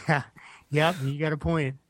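A man's voice: fairly high pitch, flat delivery, takes it slowly, no room sound. A man, a podcast guest who talks in an easygoing, reflective way with plenty of fillers. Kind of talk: casual podcast chat.

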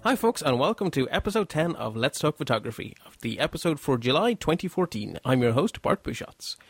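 A man's voice: fairly high pitch, sing-song, fairly quick, faint music behind. A man hosting a casual panel podcast, chatty and a bit rambling as he introduces guests and explains things. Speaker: podcast host.

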